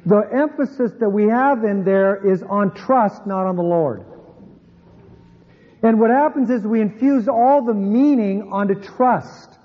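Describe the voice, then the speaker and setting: A man with a high voice preaches a sermon earnestly, sinking his voice low to stress key points. The recording sounds dull and muffled. A long reverb trails behind him in the church sanctuary. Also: a little slow, slightly rough. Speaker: pastor.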